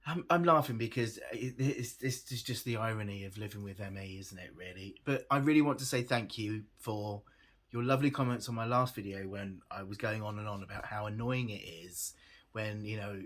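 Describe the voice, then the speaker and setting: This vlogger is a tired man with a lowish, slightly bright voice who talks fairly quickly to his camera. He keeps it chatty, laughs often, jokes at his own expense, and tends to trail off.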